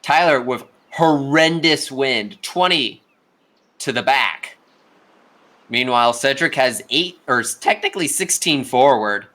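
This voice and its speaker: Bright-voiced casual game commentator. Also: male voice, medium pitch, expressive, a little slow. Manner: casual, chatty, talks to players directly. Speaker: tournament commentator. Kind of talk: live play-by-play commentary.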